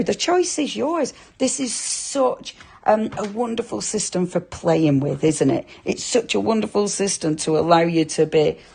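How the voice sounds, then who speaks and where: A woman's voice: lowish voice, creaky, darkish tone. A chatty woman with a Lancashire accent, presenting a live craft demo and chatting with viewers, full of tag questions. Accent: Lancashire English. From Lancashire, England.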